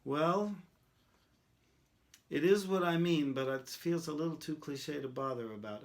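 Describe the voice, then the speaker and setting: Slow-talking man teaching songwriting. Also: a little high. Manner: thinks aloud, trying rhymes and sung lines. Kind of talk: songwriting demonstration, talking and singing.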